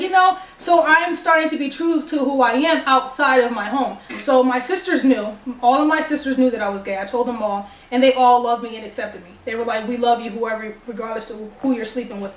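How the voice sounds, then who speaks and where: Animated young woman telling her story. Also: high-pitched, slight background noise. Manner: animated, acts out dialogue. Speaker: vlogger. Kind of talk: personal storytelling. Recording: echoey room, distant mic.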